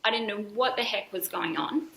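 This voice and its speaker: A woman's voice: medium pitch, brisk, gravelly, a bit bright, roomy sound, slight background noise, low-quality recording. A woman, a podcast guest, telling a personal story candidly and earnestly, with frequent fillers and restarts. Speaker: podcast guest, dance school founder.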